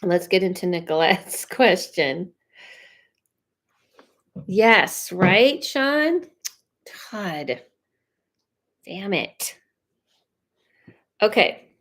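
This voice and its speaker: A woman's voice: medium pitch, lively intonation, extremely slow, long pauses, fairly bright tone. Woman medium chatting on her stream, talks straight to viewers, kinda rambly. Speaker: psychic medium. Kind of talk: casual livestream chat and readings.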